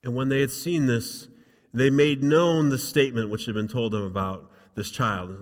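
Pastor preaching in a reverberant hall. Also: male voice, medium pitch, steady tone, normal speed. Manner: dramatic reading, rising loud for quotes, dropping soft for asides. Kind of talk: sermon reading and commenting on scripture.

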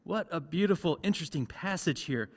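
A man's voice: on the high side, lively intonation, brisk. A man preaching a sermon as pastor, earnest, repeating key phrases for emphasis. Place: large church sanctuary. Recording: long church reverb.

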